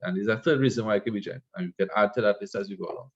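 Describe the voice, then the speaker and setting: A man's voice: fairly low pitch, very fast, lo-fi sound. A man teaching an Arabic grammar class, explaining patiently and checking in with "right?" after each point. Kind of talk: online class lecture.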